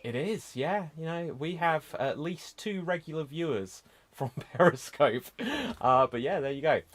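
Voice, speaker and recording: A man's voice: on the high side, measured pace. A man hosting an improv comedy show, chatting loosely between games with plenty of fillers and asides.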